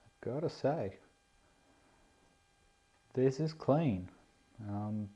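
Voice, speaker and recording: This RC plane vlogger speaks a little slowly, mellow and medium-pitched, with long pauses. He unboxes a model plane indoors, relaxed and poking fun at himself, captured in dull, lo-fi camera-mic audio.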